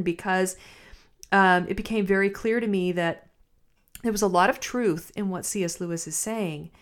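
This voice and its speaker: A woman hosting a podcast, talking in a thoughtful, halting way with many restarts. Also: medium pitch. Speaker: podcast host. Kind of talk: reflective spoken commentary.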